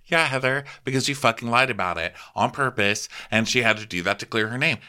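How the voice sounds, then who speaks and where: A man co-hosting a comedic TV recap podcast, animated, profane and exasperated. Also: medium pitch, fairly quick, hardly any pauses, smooth. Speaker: podcast co-host.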